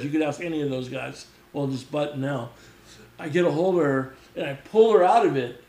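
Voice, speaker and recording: A middle-aged man telling a long story as a podcast guest, swearing freely and acting out what others said. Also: on the high side. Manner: profane, animated, acts out quoted voices. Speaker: podcast guest, former mechanic. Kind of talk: casual storytelling. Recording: roomy echo.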